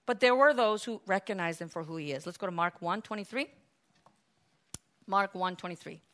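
Animated, bright-voiced woman preacher. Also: medium pitch, moderate pace. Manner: animated, acts out voices of biblical figures. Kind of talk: sermon.

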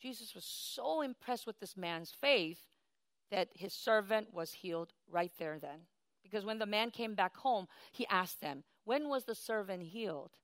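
A woman preaching a sermon, emphatic, swinging from soft asides to loud declarations and leading her congregation in call-and-response. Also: mid-range voice, lively intonation, normal speed, no echo.

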